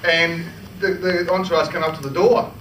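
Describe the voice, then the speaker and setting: An Australian man with a fairly bright, higher-pitched voice speaks at a moderate pace and fairly even intonation during a club meeting. He tells a comic story about himself chattily, restarting often and laughing, recorded distantly in a roomy, noisy meeting room.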